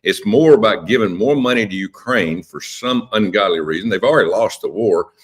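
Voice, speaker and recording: A man's voice: on the low side, expressive, fairly quick. A man speaking as a politician guest on a radio interview, impassioned and emphatic, often repeating words.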